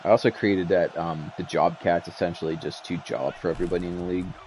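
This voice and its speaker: Deep-voiced man swearing through game commentary. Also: fairly even intonation, fast, a little mellow, slight background noise. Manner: rambling, frustrated, swears freely. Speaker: league commissioner playing a football game. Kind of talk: casual gameplay commentary.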